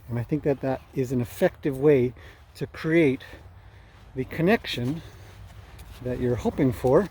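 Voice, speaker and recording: A man training horses out in a pasture, talking casually to the camera and chatting to the horses in a relaxed way. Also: mid-range voice, measured pace, slightly rough. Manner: relaxed, talks to the horses as he goes. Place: outdoors in a pasture among horses.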